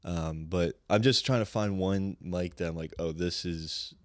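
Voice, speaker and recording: A man's voice: low-pitched, a little slow, no echo, clean studio sound. A young man, a guest comedian, telling a profane, ranting story in casual podcast chat.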